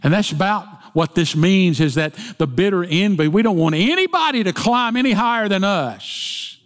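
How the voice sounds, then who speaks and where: A preacher with a fairly high voice, telling folksy stories and jokes in his sermon. His voice carries a long reverb from a church hall. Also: animated, moderate pace. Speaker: pastor.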